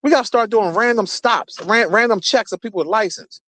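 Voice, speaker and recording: A young man talks to his stream from behind the wheel, rambling and swearing freely as he drives. His voice sits a little high for a man, and the sound is dry, with no room echo. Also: a little fast, fairly bright tone. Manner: profane, rambling, talks straight to viewers. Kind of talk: casual rambling chat while driving. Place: in a car.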